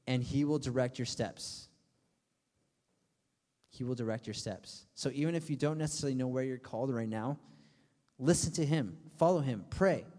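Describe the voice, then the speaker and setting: Delivering a youth sermon with a darkish, medium-pitched voice, this young man serves as the group's pastor and keeps things loose and chatty, full of fillers and playful tangents. He imitates friends' voices to get laughs. The audio carries a long hall reverb.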